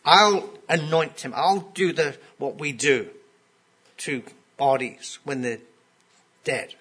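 A man's voice: fairly high pitch, lively intonation, takes it slowly, a bit bright, breathy edge. A man preaching a sermon in a conversational way, often putting questions to his listeners.

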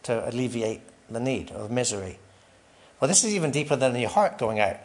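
A man's voice: mid-range voice, very animated, fairly quick, darkish tone. Conversational male preacher. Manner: conversational, asks the congregation questions and adds "right?". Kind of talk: sermon.

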